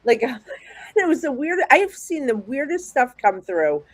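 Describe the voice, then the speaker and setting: A woman's voice: high voice, slow pace, no room sound, poor audio. Chatty New Jersey woman telling stories. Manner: chatty, rambling, animated storyteller with restarts. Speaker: psychic guest. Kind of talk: casual storytelling chat.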